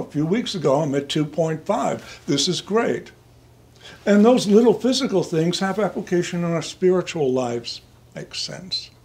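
Older male priest, somewhat high voice, chatty sermon that wanders and turns to people in the pews. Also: a little mellow. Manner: chatty, digressive, addresses listeners by name, chuckles. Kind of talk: conversational sermon. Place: church.

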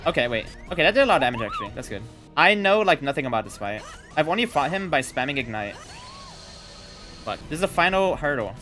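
A young man giving excited live commentary while playing a video game, swearing, yelling and laughing at the fight. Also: fairly high pitch, fast, faint music behind. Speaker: gaming streamer.

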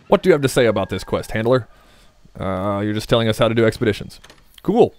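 Faint music sits behind a man speaking briskly in a medium-pitched voice. As a Let's Play host, he gives casual commentary on his gameplay, rambling, joking and talking to his audience.

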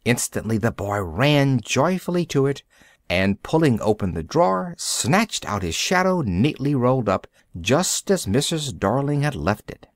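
Storybook narrator for English learners: a man with a lively pitch and a dry, close sound. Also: measured pace, no room sound.

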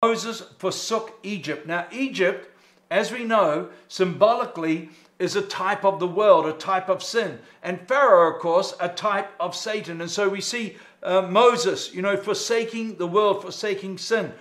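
Brief: emphatic pastor mid-sermon, high-pitched, reverberant sanctuary. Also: male voice, a little slow, a bit bright. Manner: emphatic, rhetorical questions. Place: church sanctuary. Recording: echoey church sanctuary.

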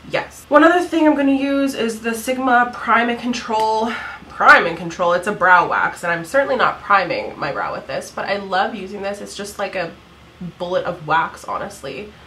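A woman's voice: mid-range voice, lively intonation, normal speed, sharp tone, slight background noise, rough recording. Chatty giggly woman in her thirties. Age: 30s. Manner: chatty, giggly, lots of "like" fillers. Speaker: beauty vlogger. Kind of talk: casual makeup tutorial chat.

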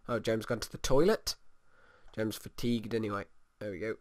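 A man's voice: lowish voice, a little fast, no echo, clean studio sound. A man giving casual let's play commentary, rambling and humming to himself as he plays. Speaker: gamer.

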